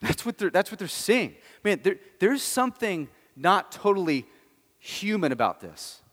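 A man's voice: high voice, big pitch swings, unhurried, fairly bright tone, in a large hall. A male pastor preaching a sermon, telling the story with emphasis and asking rhetorical questions.

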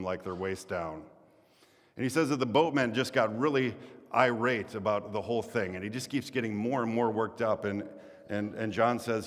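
Low-voiced preacher in an echoing hall. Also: male voice. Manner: storytelling, rising into animated quoted voices then dropping low and quiet. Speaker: pastor. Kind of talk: sermon.

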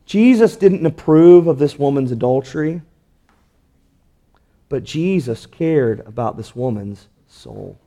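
A man's voice: mid-range voice, animated, slow pace, warm tone. A man preaching a sermon, earnest, asking rhetorical questions and drawing out key words for emphasis. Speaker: pastor.

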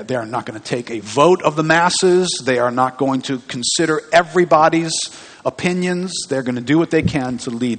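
A man preaching a conversational sermon in a church, putting questions to the congregation. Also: medium pitch. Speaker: pastor. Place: church sanctuary. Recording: long hall reverb.

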